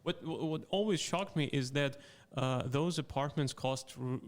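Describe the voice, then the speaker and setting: A man's voice: a little high, moderate pace. A young Russian man, a native Russian speaker, hosting a comedy podcast, talking casually with many fillers and frequent laughs.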